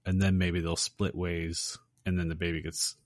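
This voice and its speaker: A man's voice: low-pitched, little pitch movement, normal speed. A man in a casual film discussion, giving his opinion bluntly. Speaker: podcast co-host.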